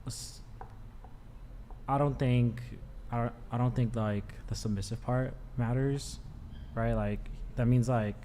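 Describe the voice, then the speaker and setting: A man's voice: mid-range voice, steady tone, takes it slowly, mellow, a little hiss or hum. Male panelist, mid voice, hesitant. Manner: unsure, thinking aloud. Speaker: panel guest. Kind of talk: casual chat.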